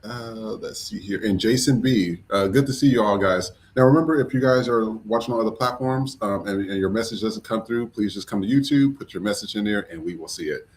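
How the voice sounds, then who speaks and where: A man's voice: on the low side, fairly quick, hardly any pauses, slight background noise. A man hosting a live podcast, casually greeting viewers while fixing technical trouble. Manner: relaxed, fumbling with tech, shouting out viewers. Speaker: podcast host. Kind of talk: casual live-stream chat.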